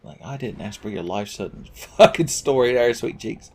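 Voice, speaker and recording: A man's voice: medium pitch, animated, normal speed, slightly rough. A man giving let's play commentary, sarcastic and profane, rambling from joke to joke. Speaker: game commentator.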